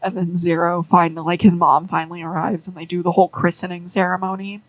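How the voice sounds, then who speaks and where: A woman's voice: fairly low pitch, flat delivery, fast, dry recording, low-quality recording. A young woman rambling through a casual story with many fillers and an amused tone.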